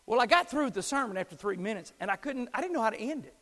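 A man preaching a sermon, swinging from shouting to hushed tones. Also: high voice, animated, rapid-fire, big-room sound. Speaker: pastor. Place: church sanctuary.

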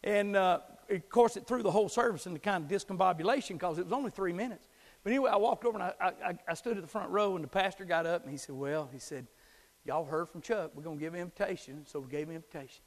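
A man preaching a sermon, swinging from shouting to hushed tones. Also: sits high, very fast, long reverb tail. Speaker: pastor. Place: church sanctuary.

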